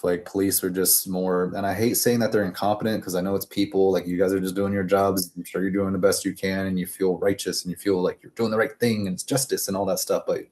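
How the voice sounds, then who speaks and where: A man with a fairly low, mellow voice talks casually to the camera. He rambles and drifts off topic, swearing freely and filling his speech with "like" and "um.". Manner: rambling and digressive, profane, with frequent fillers. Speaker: vlogger.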